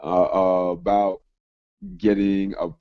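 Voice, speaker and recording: Deep-voiced man hosting a call. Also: little pitch movement, clean tone. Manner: halting, with frequent fillers and restarts. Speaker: host. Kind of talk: conference call interview. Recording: muffled call audio.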